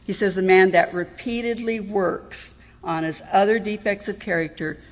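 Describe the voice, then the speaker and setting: A woman's voice: mid-range voice, normal speed. A middle-aged woman giving a candid, wry personal testimony at a recovery meeting, often laughing at herself. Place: meeting hall. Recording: dull audio in a reverberant hall.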